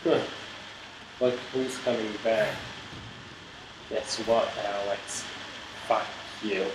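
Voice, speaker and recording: A man's voice: fairly low pitch, fairly even intonation, slow pace, reverberant, recorded from a distance, background noise. Swearing man narrating his gameplay. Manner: profane, swearing at a teammate. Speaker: gaming video host. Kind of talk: live gameplay commentary.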